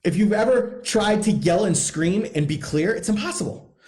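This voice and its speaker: A man's voice: high voice, expressive, moderate pace, a little mellow. A man coaching husbands in a blunt, profane, emphatic monologue, hammering points home by repeating them. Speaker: podcast host, men's coach.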